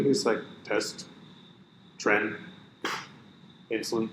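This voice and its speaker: A man's voice: lowish voice, measured pace. Guy telling a gym story, lots of quoting back and forth, echoey room, faint hiss. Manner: animated anecdote-telling, quoting others. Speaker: podcast co-host. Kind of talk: casual chat, storytelling.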